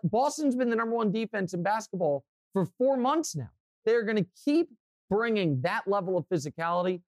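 A young man co-hosting a sports podcast, telling stories and giving strong opinions in an animated way. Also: high-pitched, no echo, clean studio sound. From Kansas City, US. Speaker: podcast co-host. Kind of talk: casual sports talk.

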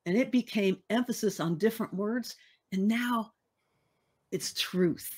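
A woman's voice: mid-range voice, measured pace, breathy edge. Woman, podcast guest, earnest, reflective, repeats herself for emphasis. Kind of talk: personal story on a podcast.

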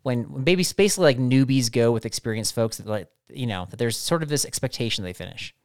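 Male podcast host, smooth voice, reflective questioner. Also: medium pitch, lively intonation, fast talker, no echo, clean studio sound. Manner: thoughtful, asks long winding questions. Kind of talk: casual podcast chat.

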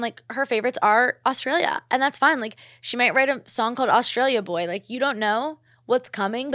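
A woman's voice: on the high side, a bit bright, no echo, clean studio sound. A young woman from New Jersey hosting a casual solo podcast, gushing and chatty with constant "like" fillers. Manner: gushing, filler-heavy, lots of "like". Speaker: podcast host.

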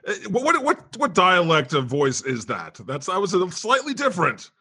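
A man playing God as the host of a comedy podcast, chatting casually with deadpan, playful jokes. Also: high voice, moderate pace, slightly rough, full character voice. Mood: wry.

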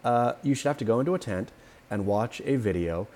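A man co-hosting a podcast in casual chat, opinionated and animated, acting out quotes as he tells stories. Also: mid-range voice, brisk. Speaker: podcast co-host.

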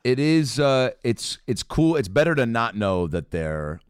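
A man's voice: medium pitch, big pitch swings, unhurried, clear, resonant tone, dry recording, studio quality. A man guesting on a comedy podcast, telling rambling stand-up anecdotes with quoted asides. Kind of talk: casual chat, comic storytelling.

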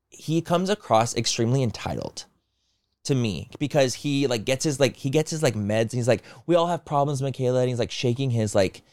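A man co-hosting a podcast, retelling online drama in rapid, animated bursts and acting out quoted people. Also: mid-range voice, clear, resonant tone, no echo, studio quality. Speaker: podcast co-host. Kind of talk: casual gossip chat.

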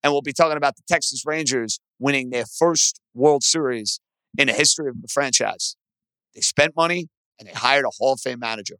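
A man hosting a sports podcast, ranting with animated opinions about teams and trades. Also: brisk, clean tone, no room sound. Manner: animated, aggravated rants with rising pitch. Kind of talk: opinionated sports talk monologue.

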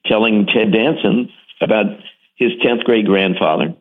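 A fairly low-voiced man talks eagerly about his work, pressing hard on key words and often circling back to restart his sentences. The sound is squeezed through a narrow, phone-like band, as if heard down a radio line. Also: a little slow. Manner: enthusiastic, emphatic, with frequent restarts. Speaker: interview guest, TV series host. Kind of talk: animated storytelling in an interview.

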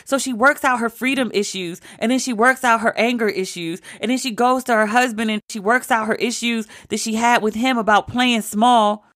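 Emphatic, chatty woman with a higher voice. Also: fairly even intonation, moderate pace, hardly any pauses, a bit bright. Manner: emphatic, chatty, with casual swearing. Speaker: TV show reviewer. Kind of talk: casual spoken TV recap.

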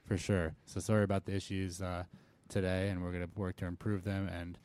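A man on a talk show stream talking casually in a flat, monotone way. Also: sits low, a little fast, clear, resonant tone. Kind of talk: casual chat.

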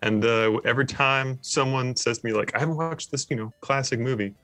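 A man chats as a podcast guest, easygoing as he explains his point. His voice sits mid-pitch and sounds dry and close, with faint music under it. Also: a little fast, pushed and bright, no room sound. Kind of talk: casual chat.

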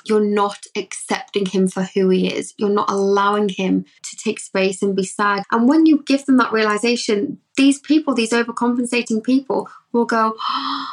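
A woman therapist talking on a podcast, animated and acting out her clients' voices. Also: medium pitch, moderate pace, hardly any pauses. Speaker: therapist guest. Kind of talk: podcast conversation.

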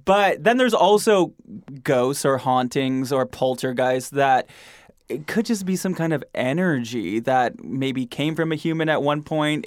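A podcast host from Michigan with a Midwestern accent, talking casually, laughing often and using many fillers. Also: male voice, medium pitch, clean tone, dry recording. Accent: Midwestern American. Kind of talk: casual chat.

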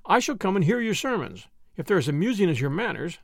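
A man's voice: high voice, sing-song, fast talker, no echo, clean studio sound, full character voice. A man doing an incredulous army colonel. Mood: amazed. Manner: staring, loudly amazed.

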